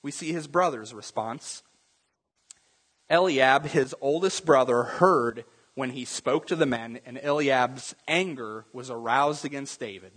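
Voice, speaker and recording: A man's voice: medium pitch, a little slow, a bit bright, slightly rough, in a large hall. A man preaching a sermon as pastor, talking conversationally and acting out Bible scenes in different voices.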